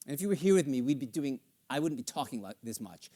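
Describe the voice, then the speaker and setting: A man's voice: mid-range voice, lively intonation, fast talker, few pauses, mellow. A middle-aged man coaching a singer in a live masterclass on a theater stage. He acts out lyrics and a character's inner thoughts, playful and sometimes swearing. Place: theater stage with studio audience.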